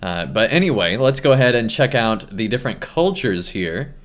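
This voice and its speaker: A man giving casual let's-play commentary as a gaming host, excited and chatty with many fillers. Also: on the low side, normal speed. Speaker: gaming YouTuber.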